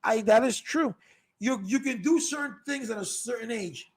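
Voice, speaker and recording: A man's voice: extremely high pitch, moderate pace. A man ranting casually in a vlog, sarcastic, mocking other people's views with raised voices. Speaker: vlogger. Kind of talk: casual opinion rant. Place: North Carolina.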